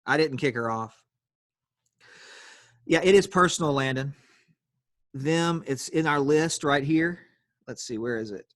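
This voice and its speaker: A man's voice: on the high side, a little slow, pauses often, dry recording, studio quality. A man teaching an online grammar class on a video call, explaining patiently step by step and calling on students.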